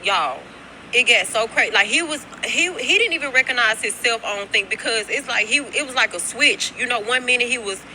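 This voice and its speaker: Bright-voiced woman telling a rambling story. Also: on the high side, animated, a little fast, slight background noise, rough recording. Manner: rambling, profane, keeps addressing viewers as y'all. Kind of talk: casual storytime chat. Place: workplace, on break.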